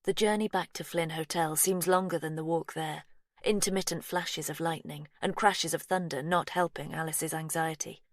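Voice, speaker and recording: A woman reading a story aloud as an audiobook narrator, hushed and measured. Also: deep voice, steady tone, no room sound, studio quality.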